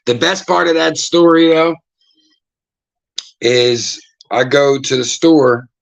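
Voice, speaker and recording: A man hosting a podcast, telling stories in a casual, profane, animated way and acting out the voices of the people in them. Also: on the high side, takes it slowly, gravelly. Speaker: podcast host. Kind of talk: casual storytelling chat.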